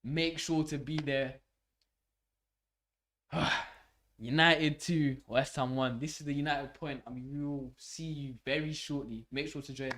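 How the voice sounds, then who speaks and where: Excitable football fan, bright. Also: male voice, a little high, a little slow. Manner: swearing, excitable, shouts at the game. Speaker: fan channel host. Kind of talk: live football watch-along.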